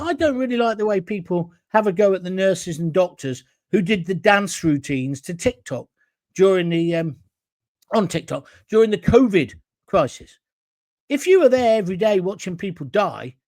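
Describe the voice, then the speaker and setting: Man, middle-aged, talk show host, blunt and combative, high voice, dry close sound. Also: lively intonation, moderate pace, a little mellow, no room sound. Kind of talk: opinionated solo talk show monologue.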